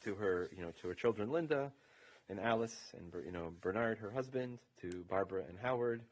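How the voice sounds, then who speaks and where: A man's voice: on the low side, brisk. A man serving as rabbi, giving an informal, meandering funeral eulogy in a funeral home chapel, leaning heavily on "you know".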